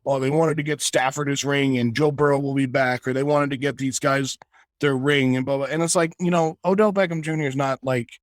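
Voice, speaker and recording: A man's voice: medium pitch, steady tone, a little fast, no room sound. A man co-hosting a casual sports podcast, ranting with passion and stumbling over restarts as he argues his point. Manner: impassioned, ranting, many restarts. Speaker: podcast co-host.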